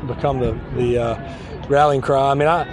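A man's voice: mid-range voice, steady tone, normal speed. A male football player answers questions outdoors at training camp. His voice sits in an everyday middle range, and he talks earnestly, often leaning on familiar cliches. A crowd murmurs behind him. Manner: earnest, repetitive, cliche-laden. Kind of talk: outdoor press interview.

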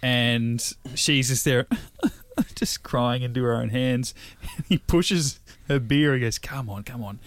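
A man's voice: mid-range voice, lively intonation, slow pace, a little hiss or hum. An Australian man co-hosting a podcast, telling a story from work in easygoing casual chat. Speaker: podcast co-host.

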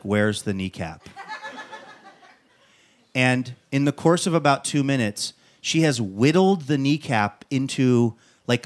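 A man hosting a talk show, telling a comic story in a lively way and acting out what people said. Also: medium pitch. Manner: animated storyteller who acts out quotes. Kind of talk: comic monologue and interview.

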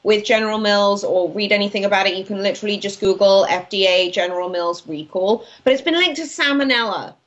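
A woman in her late twenties from Wales, a guest writer chatting casually and brightly in an interview, quick to laugh. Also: medium pitch, lo-fi sound. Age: 20s. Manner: bubbly, chatty, laughs easily. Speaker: news and commentary writer, guest.

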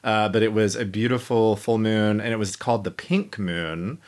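A man's voice: lowish voice, normal speed. A man co-hosting a podcast as its editor, playful and giggly, with lots of fillers. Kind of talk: casual chat. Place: New York.

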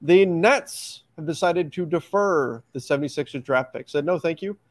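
A man's voice: a little high, no room sound. Chatty male podcast host, dry close sound. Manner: steers the talk, brisk and chatty. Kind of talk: casual sports chat.

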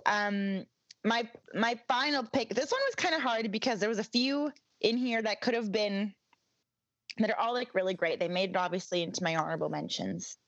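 A woman with a mid-range voice co-hosts a podcast, chatting casually at a moderate pace with lots of ums and restarts. She laughs easily, and the recording is dry and slightly muffled, with no echo.

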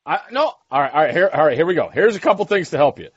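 A man's voice: fairly high pitch, sing-song, breathy edge, no room sound, highs cut off. A man co-hosting a casual podcast chat, teasing and rattling off tips. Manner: teasing, gives rapid tips. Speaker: podcast co-host.

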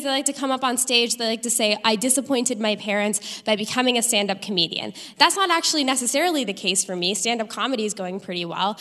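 A young woman performing a live stand-up comedy set with an animated, punchy delivery in front of an audience. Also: a little high. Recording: live stage recording with long hall reverb.

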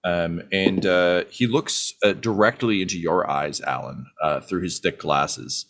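Low-voiced game master, halting. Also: male voice, gravelly, a bit bright. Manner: halting, lots of fillers. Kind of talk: narrating a tabletop game.

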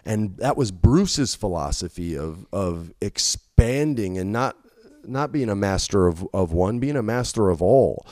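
A man telling a long story in casual talk, animated and swearing freely, jumping loud and high whenever he quotes someone. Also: unhurried, no echo, clean studio sound. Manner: animated, swings loud and high when quoting people. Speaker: podcast guest.

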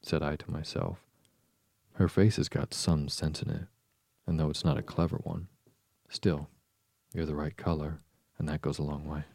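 A man's voice: a bass voice, flat delivery, normal speed, vocal fry, long pauses, darkish tone, dry recording, full character voice. A man voicing a prim, severe talking rose who judges the girl.

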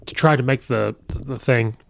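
A man's voice: mid-range voice, normal speed, creaky, dry recording. A man hosting a podcast, giving a casual, rambling movie review with many fillers and restarts. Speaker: podcast host.

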